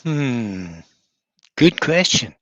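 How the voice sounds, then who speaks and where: A man's voice: mid-range voice, very animated, extremely slow, a bit bright, dry recording. A man co-hosting a livestream, reading viewers' comments aloud in a chatty, enthusiastic way. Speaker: livestream co-host reading the chat. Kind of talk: casual livestream chat.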